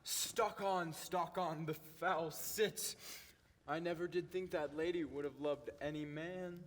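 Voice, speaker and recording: An actor playing a playful young nobleman who speaks in an animated, theatrical way in a stage play. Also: a little high, takes it slowly. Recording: reverberant hall, faint noise.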